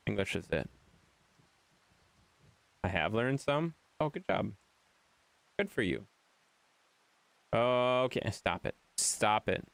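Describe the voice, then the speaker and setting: A man's voice: fairly low pitch, big pitch swings, slow pace, gravelly, long pauses, no room sound. A man from Wisconsin with a Wisconsin accent, streaming a game and bantering with his chat in a playful, mock-exasperated way.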